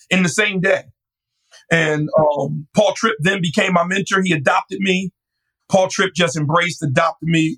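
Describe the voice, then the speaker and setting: A man telling the story of his years as a pastor. His voice is a bit husky, and he talks in a lively, animated way with quick bursts. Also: rough recording. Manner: animated, jumps to a high voice when quoting his friend. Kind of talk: storytelling in an interview.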